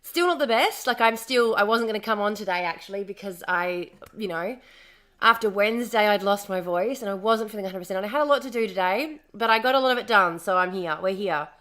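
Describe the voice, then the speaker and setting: An Australian woman chatting casually on a live stream, slightly hoarse from a lost voice, repeating herself as she greets viewers. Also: medium pitch, brisk, fairly bright tone.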